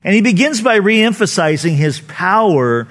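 A man with a somewhat high speaking voice preaches in a relaxed, conversational way. He teaches with frequent asides and casual phrasing. When he quotes someone, he briefly acts them out in a raised voice. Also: normal speed. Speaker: pastor. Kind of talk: conversational sermon.

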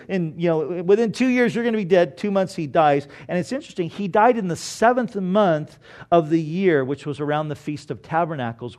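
Animated, higher-voiced male preacher. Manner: animated storytelling, rising loud for emphasis then dropping low. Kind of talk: sermon.

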